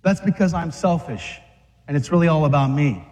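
A man's voice: on the high side, lively intonation, normal speed, darkish tone. A man preaching an urgent, fiery sermon to men, exhorting them and acting out scenes. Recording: long reverb of a large hall.

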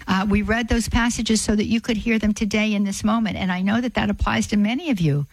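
A woman hosting a call-in radio show, leading a spoken prayer and talking warmly with callers in an earnest, repetitive way. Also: a little high, creaky, no echo, poor audio. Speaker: radio host.

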